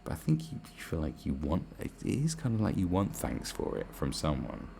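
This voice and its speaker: Low gravelly guy ranting solo, swears nonstop, pitch jumps all over, bit of hiss behind. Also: wildly swooping pitch, normal speed, warm tone. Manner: crude, sarcastic, swears constantly, mocking put-on voices. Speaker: podcast host. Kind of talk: ranting monologue.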